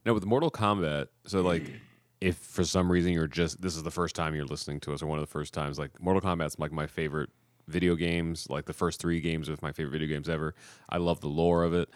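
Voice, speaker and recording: A man's voice: a bass voice, fairly even intonation, fast talker, no room sound, clean studio sound. A man hosting a podcast in casual chat, rambling with many fillers and restarts. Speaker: podcast host.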